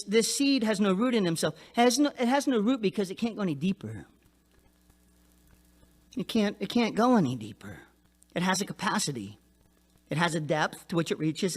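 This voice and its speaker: Animated male pastor preaching. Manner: animated, acts out quoted people in a higher voice. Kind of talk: sermon.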